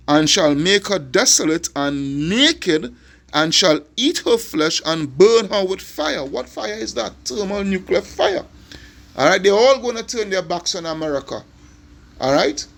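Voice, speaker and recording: With a raspy, rather high, slightly bright voice and a sing-song lilt, a middle-aged Caribbean English-accented man preaches in an emphatic street-sermon manner. He trips over repeated words as his argument builds, then shifts to a slow, deliberate reading of scripture.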